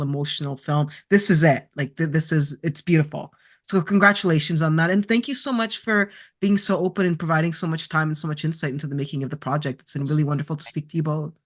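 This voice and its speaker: An interview host closing the conversation with effusive praise and thanks. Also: mid-range voice. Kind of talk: casual interview wrap-up.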